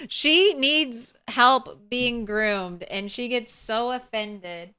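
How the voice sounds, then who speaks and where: A woman's voice: a little high, extremely slow, sharp tone, clear, resonant tone. A woman streaming a video game, chatting casually and playfully with her viewers and talking to her cat between jokes. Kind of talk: casual livestream chat while gaming.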